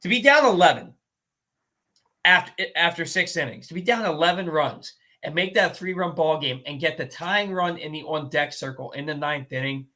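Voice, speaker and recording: A man hosting a casual sports talk show, telling a game story in an animated, exasperated way with quick restarts. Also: fairly high pitch.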